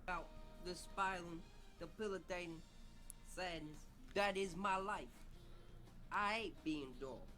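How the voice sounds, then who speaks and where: A man's voice: high-pitched, a little slow, pauses often, pushed and bright, faint music behind. A man voicing a gloomy, self-pitying grown man in a comedic abridged dub. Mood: mopey. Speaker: voice actor in a fan abridged series.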